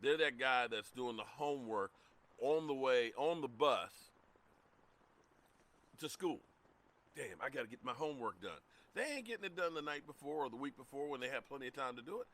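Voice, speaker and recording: A middle-aged man hosting a casual live sports talk stream, greeting chat viewers by name in an animated way. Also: medium pitch, moderate pace. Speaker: livestream sports show host.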